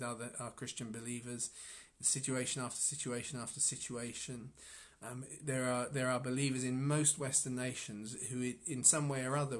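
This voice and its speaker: A man talks through a passage of scripture in an informal devotional reflection, speaking at a mid-range pitch. He muses as he goes and often stumbles and restarts his sentences. Soft chuckles slip in between his thoughts. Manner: musing, halting, with frequent restarts and soft chuckles.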